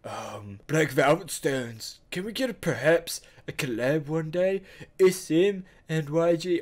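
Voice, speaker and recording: A man hosting a casual reaction video, talking in a playful, exaggerated, excitable way. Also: on the high side, takes it slowly.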